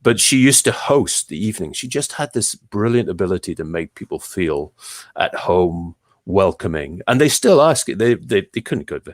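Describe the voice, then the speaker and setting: Deep-voiced man telling stories. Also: moderate pace, dry recording, clean studio sound. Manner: animated storyteller, lively pitch jumps and pace shifts. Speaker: guest, leadership trainer. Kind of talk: conversational interview.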